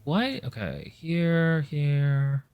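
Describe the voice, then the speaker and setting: A man's voice: fairly high pitch, big pitch swings, drawn-out words, clear, resonant tone, no room sound, dull audio. A man hosting a casual livestream chat, rambling and reading comments as he goes. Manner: rambling, reads comments aloud mid-talk. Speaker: podcast host.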